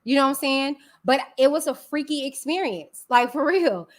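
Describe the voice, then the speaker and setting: A channel host with a high-pitched voice runs a live stream at a moderate pace. She speaks candidly and emphatically to her viewers, whom she calls y'all.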